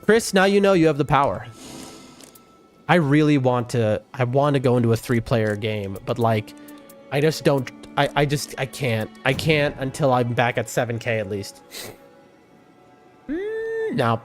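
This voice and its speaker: A man streaming a game live, chatting with viewers in a rambling, excitable way. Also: mid-range voice, normal speed, faint music behind. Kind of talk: casual live-stream chat.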